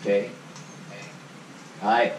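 A man teaching a grammar lesson, explaining slowly and checking in with frequent "okay?" tags. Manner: slow, halting, many "okay?" checks. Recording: echoey room with crowd noise.

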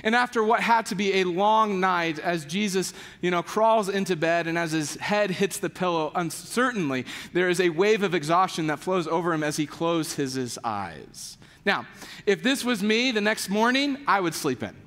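In a church sanctuary, a man with a high voice preaches as pastor at a normal speed, his words trailing off into a long reverb tail. He tells stories casually and acts out the people in them, with animated voiced quotes and lots of "like" as filler.

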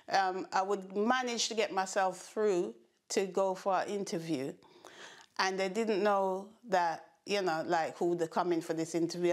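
An older woman with a Jamaican accent, telling her memories in a documentary interview and acting out what people said to her. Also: mid-range voice. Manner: animated storytelling, acting out quoted remarks.

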